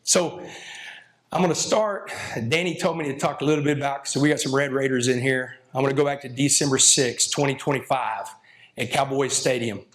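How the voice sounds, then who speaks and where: A man's voice: mid-range voice, fairly quick. A man, a football coach giving a folksy, emotional, rambling talk to an audience. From Texas. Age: 50s. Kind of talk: speech to an audience.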